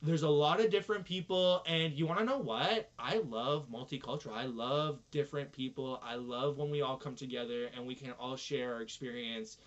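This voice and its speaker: A man's voice: medium pitch, moderate pace, few pauses. A man from Canada ranting in a casual, profane monologue about his family. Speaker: influencer. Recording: dull lo-fi recording.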